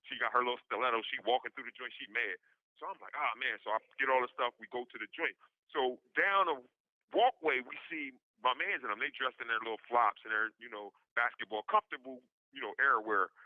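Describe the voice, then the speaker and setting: A man's voice: medium pitch, a little fast, no echo. A man telling a long anecdote in slangy casual talk, acting out everyone's lines with big jumps in his voice. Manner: slangy, loose street talk. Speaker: podcast guest. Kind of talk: casual storytelling. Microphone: phone line. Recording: dull lo-fi prison phone call.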